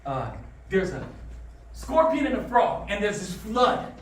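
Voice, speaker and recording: A man giving a motivational talk to high school students, drawing answers from the room and telling stories, recorded in a roomy classroom away from the mic. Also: a little slow, recorded from a distance, a little hiss or hum. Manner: animated, calls for answers, storytelling. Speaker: motivational speaker.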